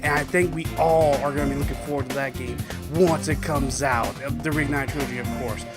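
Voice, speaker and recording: A man's voice: mid-range voice, fairly even intonation, fairly quick. A man hosting a let's-play, chatting enthusiastically with his viewers about the game as he plays. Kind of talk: video game commentary. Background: game music.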